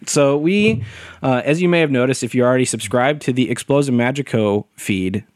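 A man's voice: mid-range voice, a little fast, no room sound. A man co-hosting a casual podcast while sick, joking and laughing often. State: sick, a bit hoarse. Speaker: podcast co-host.

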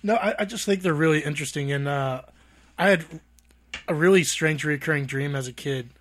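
Man, bright higher voice, co-host, animated anecdotes, laughs a lot. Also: brisk. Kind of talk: casual podcast chat.

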